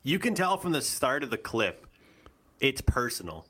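A man co-hosting a sports talk show, talking through his view in a measured, reasoning way. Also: mid-range voice, very animated, noisy background. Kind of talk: casual sports discussion.

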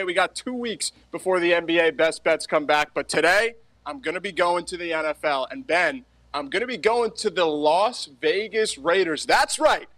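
A man's voice: sits high, fairly bright tone, no echo. A man, the show's producer, giving a betting pick with cocky, joking confidence. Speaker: show producer. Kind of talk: casual sports talk and betting pick.

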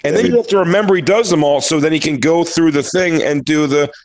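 A man's voice: fairly high pitch, quick pace. A man hosting a comedy talk show, telling stories in a casual chat and acting out bits in silly voices. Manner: animated storytelling, acts out bits in silly voices. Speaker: comedy podcast host.

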